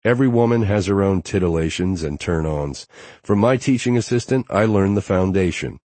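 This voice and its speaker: Deep-voiced male audiobook narrator. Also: lively intonation, normal speed, darkish tone, dry recording. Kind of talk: scripted first-person narration.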